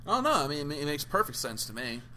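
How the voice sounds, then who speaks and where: A man's voice: a little high, big pitch swings, a little fast, pushed and bright, slight background noise. A man hosting a casual film podcast, asking thoughtful questions and steering the talk, with frequent fillers. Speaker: podcast host.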